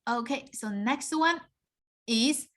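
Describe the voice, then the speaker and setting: A woman with a slightly high voice gives a beginner Mandarin lesson. She explains step by step and keeps checking that her students follow along. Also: slow, fairly bright tone. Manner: patient explaining, often checks in with "okay?" and "right?". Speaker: Mandarin teacher. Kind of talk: online beginner language lesson.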